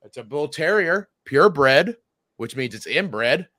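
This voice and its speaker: A man co-hosting a comedy podcast, trading crude, profane jokes in casual banter with a deadpan edge. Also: on the high side, slow, no room sound, studio quality. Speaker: podcast co-host.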